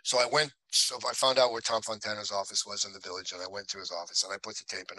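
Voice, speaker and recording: A man's voice: fairly low pitch, quick pace, few pauses, no room sound, rough recording. A man, an actor guest in a podcast interview, telling anecdotes casually and acting out the people he quotes. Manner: animated anecdotes, acts out quoted voices.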